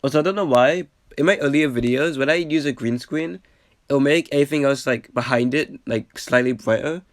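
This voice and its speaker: A young man casually rambling over an old video, packed with "like" fillers and the odd swear, getting excited and then trailing off. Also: mid-range voice, a little fast, no room sound. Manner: excitable bursts, trails off with a quiet "yeah". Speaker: reaction video host.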